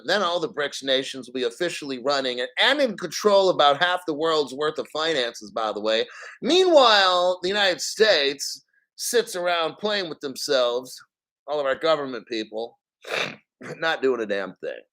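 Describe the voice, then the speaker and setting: A man's voice: a little high, expressive, moderate pace, a bit bright, poor audio. A man in his fifties hosting a crypto news livestream, ranting in a profane, sarcastic way. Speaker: crypto news show host.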